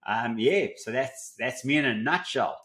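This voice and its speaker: A man's voice: medium pitch, lively intonation, measured pace, fairly bright tone. A man with a South African accent, a business coach guest in a casual interview, talking in a plain, conversational way and laying out his points one by one.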